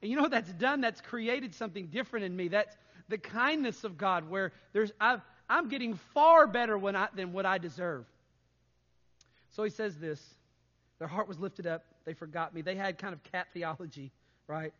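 A man preaching a sermon as pastor, conversational and animated, often adding "right?" to his points. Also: sits high, moderate pace, long reverb tail, lo-fi sound.

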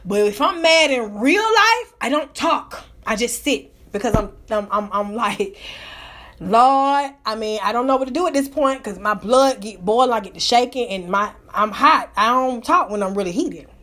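A woman live-streaming, telling a story as a loud, profane, animated rant. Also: on the high side, normal speed. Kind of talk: casual ranting storytelling.

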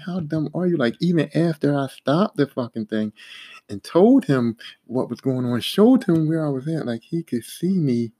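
A man casually telling a profane, animated story about a job that went wrong. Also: mid-range voice, breathy edge. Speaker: podcast host telling work stories. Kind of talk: casual spoken anecdote.

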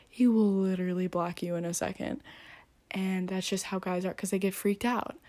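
A woman's voice: mid-range voice, a little mellow. A teenage girl giving blunt, profane dating advice in a casual rant. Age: teens. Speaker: vlogger.

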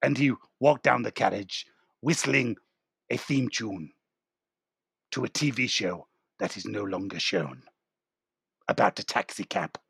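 A man's voice: fairly low pitch, measured pace, gravelly, pauses often, fairly bright tone, husky, no echo, studio quality, exaggerated voice. A man playing a pompous, rambling author being interviewed in an improvised comedy. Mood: storytelling. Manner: rambling, self-satisfied improv guest. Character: pompous male author of a train murder novel.

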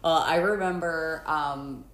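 A woman's voice: sits low, takes it slowly, a bit bright. A middle-aged woman co-hosting a podcast, chatty and laughing often. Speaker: podcast co-host. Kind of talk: casual chat. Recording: echoey room.

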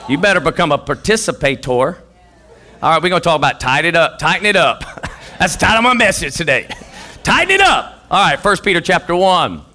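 High, bright-voiced preaching man. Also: fairly quick. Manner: energetic, joking, call-and-response with the congregation. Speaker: pastor. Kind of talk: sermon. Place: church sanctuary.

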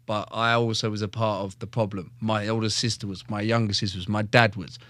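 A man's voice: fairly low pitch, brisk, dry recording. Swearing young man telling a story. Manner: heavy swearing, animated, acts out quotes. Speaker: guest, fighter. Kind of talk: casual storytelling.

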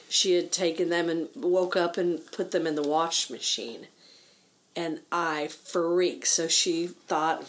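Woman, low voice, casual storytelling, quick delivery. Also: fairly even intonation. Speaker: guest sharing a story.

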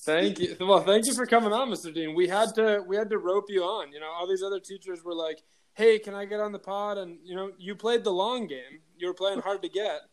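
A man's voice: high voice, fairly quick. A man hosting a school podcast, welcoming a guest in an upbeat, friendly way. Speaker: podcast host. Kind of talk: casual podcast chat.

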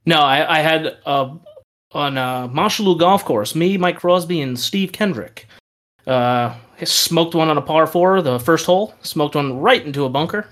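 A man co-hosting a casual podcast, telling animated stories with frequent laughter and casual swearing. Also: a little high. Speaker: podcast co-host. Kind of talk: casual chat.

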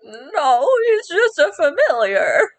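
Woman doing a high, quavering old shop lady, fussy and cooing. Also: sing-song, slow pace, full character voice. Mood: puzzled.

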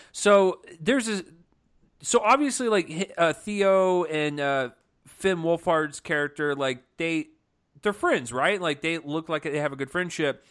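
A man's voice: a little high, a bit bright. A man co-hosting a film review chat, retelling scenes animatedly with exasperated asides. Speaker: film review podcast co-host. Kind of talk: casual chat.

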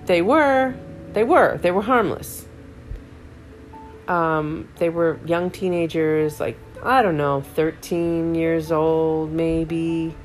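A woman's voice: deep voice, slow pace, faint music behind. A middle-aged woman telling a personal story in a candid, reflective monologue, often restarting her sentences. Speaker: podcast host.

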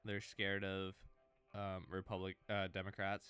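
Male co-host, smooth voice, bossy banter. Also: sits low, monotone, a little slow, bright, forceful tone, dry recording. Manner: bossy, shushing. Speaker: podcast co-host. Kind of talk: casual banter, prank calling.

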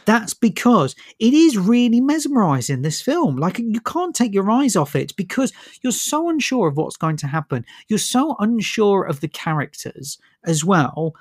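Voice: mid-range voice, big pitch swings, normal speed, few pauses, a little mellow, dry recording, clean studio sound. Chatty film reviewer. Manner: enthusiastic, rambling, with frequent restarts. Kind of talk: casual radio-style film review chat.

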